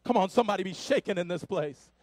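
High-voiced fervent male preacher. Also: lively intonation, quick pace. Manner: shouting, fervent call-and-response preaching; breathless, drops to quiet asides. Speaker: pastor. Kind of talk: Pentecostal sermon.

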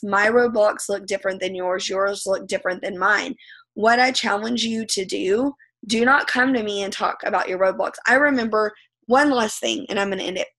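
A woman's voice: on the high side, a bit bright. Emphatic woman with a failing voice. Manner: emphatic, repeats phrases, says "like" and "right" often. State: losing her voice from allergies. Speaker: team leader. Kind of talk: motivational team talk on a video call. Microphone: video call.

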